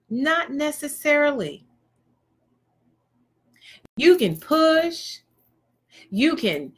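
A woman's voice: high voice, bright, forceful tone. A woman giving a motivational talk, emphatic and preachy, pressing her points with rhetorical questions. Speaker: motivational speaker.

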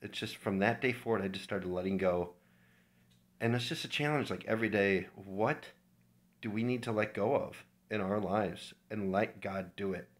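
A man's voice: on the low side, moderate pace. A man from Minnesota sharing an informal, heartfelt devotional talk with his church, earnest and personal. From Minnesota, USA.

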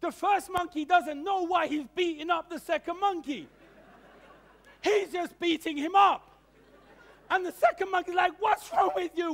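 A man's voice: extremely high pitch, a bit bright. A man preaching a sermon, telling a story animatedly with stammered repeats of words.

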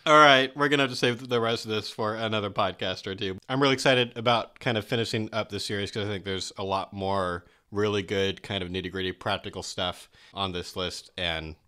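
A man co-hosting a podcast in casual discussion, chatty and quick to laugh, with animated asides. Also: lowish voice, clear, resonant tone. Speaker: podcast co-host.

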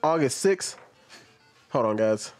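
A man's voice: medium pitch, animated, slow pace. Rambling man with faint music behind. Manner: rambling, self-correcting, reads posts aloud. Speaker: commentator. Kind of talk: casual social media commentary.

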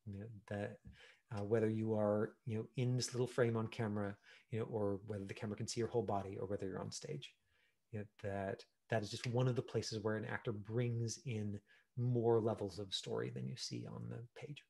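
A man teaching an online acting class, chatty and animated, full of fillers and acted-out examples. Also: on the low side, a little fast, gravelly. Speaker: acting coach.

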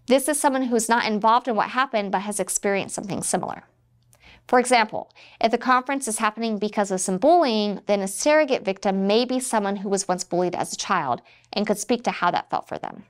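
A woman trainer calmly narrating an instructional video for educators, in a measured, explanatory way. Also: fairly high pitch. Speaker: restorative practices trainer for educators.

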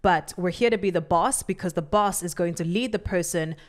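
A woman's voice: lowish voice, brisk. A woman co-hosting a podcast who backs up and expands on her partner's points in casual talk. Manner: affirming, builds on her co-host's points. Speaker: podcast co-host.

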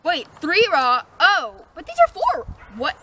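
A woman's voice: extremely high pitch, huge pitch swings, unhurried, pushed and bright. A young woman co-hosting a challenge vlog, giggly and yelping, in a noisy home recording. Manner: giggly, yelps and exclaims. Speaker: vlog co-host.

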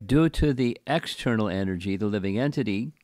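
Older man reading scripture, slow and deliberate. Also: on the low side, lively intonation, a little mellow. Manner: slow, deliberate reading with chanted verse recitation. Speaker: spiritual teacher giving a scripture class. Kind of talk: scripture class, reading and commenting.

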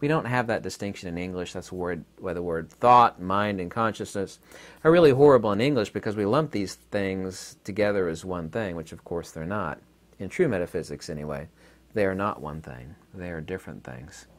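Deep-voiced man rambling about philosophy. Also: normal speed, fairly bright tone. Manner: rambling, digressive, with frequent fillers. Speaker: channel host. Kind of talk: unscripted philosophy monologue.

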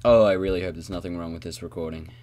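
A man's voice: low-pitched, fairly even intonation, fast, darkish tone. A man casually commentating while playing a video game on a headset mic, rambling and talking to himself with silly noises. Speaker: gamer playing an adventure map. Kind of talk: casual let's-play commentary.

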